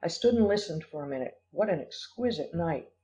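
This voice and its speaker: A man narrating an audiobook in a measured, expressive storytelling manner. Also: fairly high pitch. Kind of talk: audiobook reading. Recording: dull lo-fi recording.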